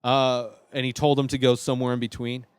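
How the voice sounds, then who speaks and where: A man's voice: mid-range voice, little pitch movement, a little fast, clean tone, no echo. A man, hosting a show and talking casually on his own, enthusiastic and rambling with lots of restarts. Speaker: podcast host. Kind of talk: casual solo commentary.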